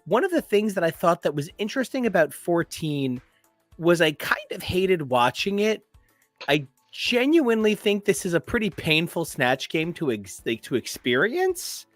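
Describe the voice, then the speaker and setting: A man's voice: high voice, big pitch swings, moderate pace, dry recording, faint music behind. A man co-hosting a podcast, joking and chatting casually as he reviews episodes. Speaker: podcast co-host. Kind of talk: casual chat.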